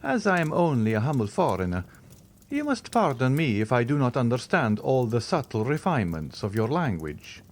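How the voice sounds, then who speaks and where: A man reading the part of a mysterious, reserved count who speaks in a measured, sighing way. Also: mid-range voice, wildly swooping pitch.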